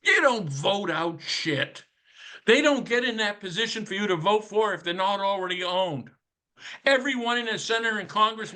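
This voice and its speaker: A man's voice: high-pitched, bright, forceful tone. A man giving a casual, ranting commentary on a podcast, profane and sardonic, firing off rhetorical questions in a conspiratorial tone.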